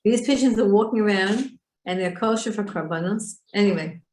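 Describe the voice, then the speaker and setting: A woman's voice: mid-range voice, fairly quick, darkish tone, a little hiss or hum. Woman teaching a Torah class, echoey room. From Israel. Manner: explains Hebrew words, asks students questions.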